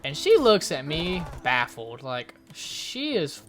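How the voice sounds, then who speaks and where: A man's voice: a little high, slow. Exasperated young man telling a story. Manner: animated, exasperated, incredulous. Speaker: store associate telling a work story. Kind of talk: storytime vlog. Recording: clear music behind the voice.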